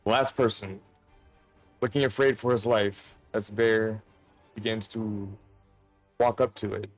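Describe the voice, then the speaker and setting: A man's voice: on the low side, fairly even intonation, faint music behind. Man narrating as game master. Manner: casual, halting narration with fillers.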